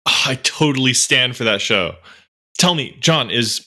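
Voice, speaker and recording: A man's voice: mid-range voice, animated, measured pace, background noise. A young man co-hosting a comedy podcast, talking in an awkward, hesitant way full of stumbles. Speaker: podcast co-host.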